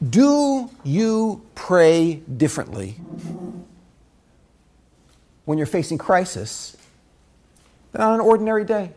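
A man teaching a Torah lesson through a dramatic story, swinging between loud bursts and hushed asides. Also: high-pitched, big pitch swings, slow pace, pauses often.

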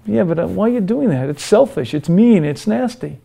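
A man voicing a quiet inner conscience that softly scolds and disapproves. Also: sits high, expressive, fairly quick, creaky, exaggerated voice. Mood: reproachful. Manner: soft, chiding, reproachful.

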